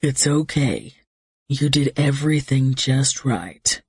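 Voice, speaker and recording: A woman reading an audiobook voices a shaken male helicopter pilot, speaking low and terse. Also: a little slow, breathy edge, no echo, full character voice. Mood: shaken, steady. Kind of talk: audiobook character voice.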